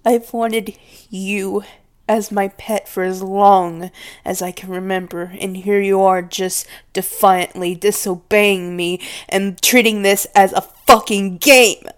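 A woman's voice: mid-range voice, steady tone, takes it slowly, natural voice. A woman playing a volatile, possessive mistress. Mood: scornful, domineering. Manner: domineering, scornful, drops to whispers. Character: possessive, volatile woman scolding her pet. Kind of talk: audio role-play to the listener.

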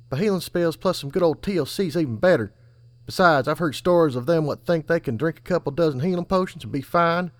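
An eager young unicorn filly healer chirps high and insistent, as a man puts her on. She is bossy and caring and slips into rustic grammar. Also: dry recording, natural voice.

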